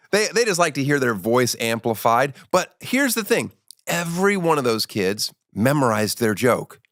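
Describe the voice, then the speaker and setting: A man in his forties hosts a comedy podcast, rambling through stories with restarts and crude jokes. His voice sits at an everyday middle pitch. The sound is close and dry, with no room around it. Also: fairly bright tone, no echo. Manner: rambling, profane storytelling with restarts. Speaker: podcast host. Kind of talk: casual comedic chat.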